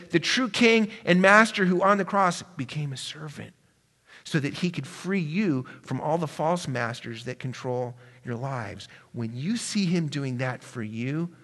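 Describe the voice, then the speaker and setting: Male pastor, sermon, bright voice, hushed to emphatic, reverberant church hall. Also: a little high. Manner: dynamic preaching, swings between hushed and emphatic.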